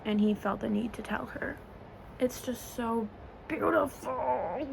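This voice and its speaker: Slow, gushing young woman vlogger. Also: fairly high pitch, creaky, slight background noise, low-quality recording. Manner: gushing, rambling, fangirling. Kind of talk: casual get-ready-with-me vlog. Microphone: phone camera, as on a video call.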